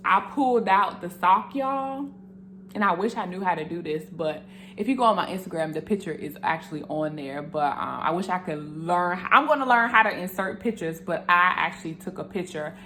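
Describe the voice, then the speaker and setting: A young woman tells her faith testimony straight to camera in a slightly low voice. She is earnest and animated, speaking to her viewers with open emotion. Faint room noise sits behind her. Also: normal speed.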